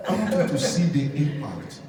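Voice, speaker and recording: Pastor preaching in an echoey hall. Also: male voice, fairly high pitch, very animated, normal speed, over a noisy crowd. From Nigeria. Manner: storytelling, repeats phrases for emphasis. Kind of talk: sermon. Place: church hall. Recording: echoey church hall from far off.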